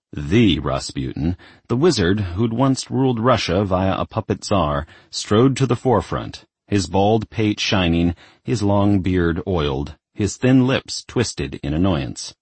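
Deep, husky male audiobook narrator. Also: no room sound.

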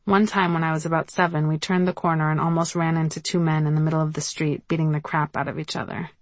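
A woman's voice: sits low, little pitch movement, quick pace, dry recording. A woman reading her own memoir aloud in a wry storytelling manner. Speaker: memoir narrator. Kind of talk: audiobook narration.

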